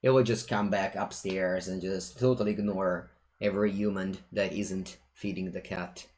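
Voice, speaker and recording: Deep, steady and a little mellow, a man's voice moves at normal speed through casual live commentary on a digital card game. He's playful and chatty, occasionally stopping to talk to his cat.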